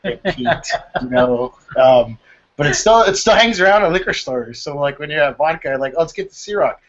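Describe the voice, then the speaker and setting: A man's voice: a little high, animated, moderate pace. Rambling man on a muffled recording. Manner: loose, rambling, fillers and laughs. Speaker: sports podcast panelist. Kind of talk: casual chat.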